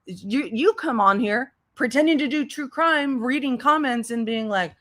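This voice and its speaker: A woman's voice: a little high, expressive, normal speed, hardly any pauses, sharp tone. A woman giving blunt, sarcastic commentary, speaking straight to the person she criticizes. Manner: blunt, sarcastic, addresses the subject directly. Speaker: commentary youtuber. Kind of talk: commentary over clips.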